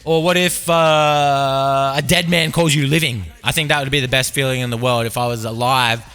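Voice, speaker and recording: Bright-voiced Australian man rambling. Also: medium pitch, fairly even intonation, moderate pace, clear, resonant tone, faint music behind. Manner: absurd, meandering, filler-heavy. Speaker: podcast host. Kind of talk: rambling comedic monologue.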